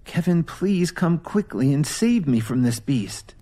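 A man voicing a frightened young woman who pleads desperately, in a husky, raised voice. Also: fairly high pitch, very animated, a little slow, warm tone, voice pushed up. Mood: praying.

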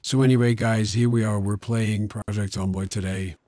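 Yorkshire guy doing a forgetful rambling old politician thru a voice changer, mellow dark tone, mumbly. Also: on the low side, steady tone, normal speed, no echo, faint music behind, pitched below the performer's own voice. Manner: mumbly, meandering. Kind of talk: gaming commentary in a put-on voice.

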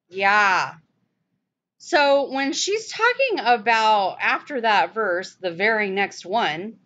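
A woman giving a conversational Bible study in an emphatic way. She sometimes stops to correct herself. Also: mid-range voice. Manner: animated, emphatic, self-correcting. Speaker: Bible teacher. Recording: dull lo-fi recording.

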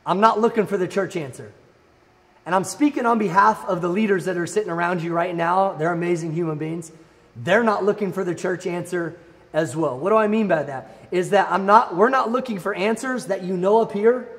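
A young man with a high voice gives an animated youth sermon built around a personal story. He talks like an excited storyteller, jumping up when the story hits. His voice rings with a long, hall-like reverb. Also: brisk. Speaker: youth pastor.

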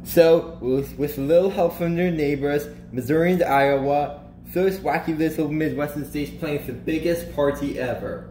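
A man reads a children's picture book aloud, slowing down and lifting his voice for emphasis. His voice sits a little high for a man. The recording is echoey with a faint hiss behind it. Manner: animated, slows and lifts pitch for emphasis and character lines. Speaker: storybook reader. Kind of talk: children's storybook read-aloud.

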